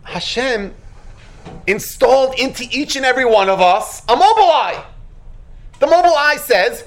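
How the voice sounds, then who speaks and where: A religious teacher giving an animated Torah lecture, acting out quotes and sound effects and asking rhetorical questions. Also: high voice, unhurried, pauses often.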